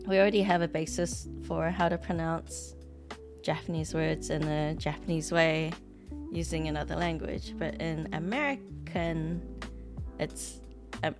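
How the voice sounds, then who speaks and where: NZ woman streamer, lowish voice, chatty live commentary over a music bed. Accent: New Zealand. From New Zealand. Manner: chatty, reads aloud and reacts. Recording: background music track.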